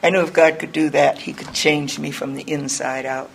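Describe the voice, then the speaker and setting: A woman's voice: sits low, steady tone, moderate pace, vocal fry, a little hiss or hum, poor audio. An older woman giving a candid, rambling personal testimony to a group, mocking herself as she tells it. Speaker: recovery speaker.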